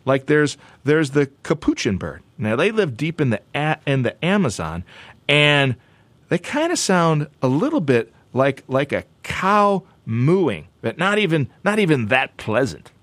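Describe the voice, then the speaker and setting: A man hosting a show segment, joking playfully and talking in a loose, animated way with many restarts and asides. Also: on the high side, a little slow, no echo. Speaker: show host.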